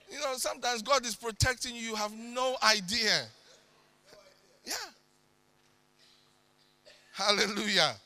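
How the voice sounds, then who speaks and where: High bright-voiced male preacher. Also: slow pace, long pauses. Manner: dramatic preaching with sudden loud bursts. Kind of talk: sermon.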